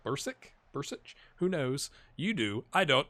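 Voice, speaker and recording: In a medium-pitched, somewhat bright voice, a man speaks in a sing-song way at a measured pace, rarely pausing. He chats with viewers while a football manager match plays out, cheering or murmuring along. This casual let's-play is recorded on an earbud headset.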